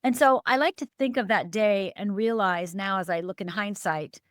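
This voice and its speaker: At a normal speed, a middle-aged Upper Michigan woman who works as a life coach tells a painful life story on a podcast. She is earnest and emphatic, her pitch swinging suddenly up and down in this emotional personal account. The studio audio is clean, with no echo.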